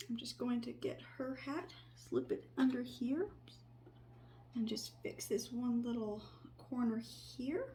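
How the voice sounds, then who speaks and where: Soft-spoken woman talking while sewing. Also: a little high, a little hiss or hum. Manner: soft-spoken, thinking aloud as she works, often dropping to a whisper. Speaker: crafter sewing on camera. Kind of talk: casual crafting narration. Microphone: desk microphone near her.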